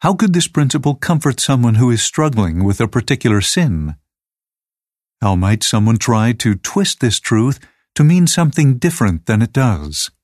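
A man reading aloud a teacher's lesson manual in a measured, even, scripted way. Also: medium pitch, no room sound, clean studio sound.

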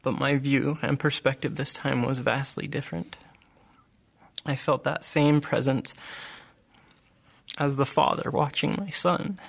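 A middle-aged man sharing a personal testimony in an earnest, halting way, with frequent restarts and pauses. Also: mid-range voice, steady tone, creaky. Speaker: group member sharing testimony.

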